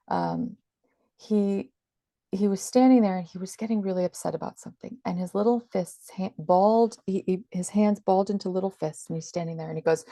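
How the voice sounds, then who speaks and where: Woman guest going on earnestly, mellow kinda dry sound. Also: mid-range voice, vocal fry, no echo. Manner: earnest, explanatory, emphatic. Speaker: interview guest. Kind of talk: conversational explaining.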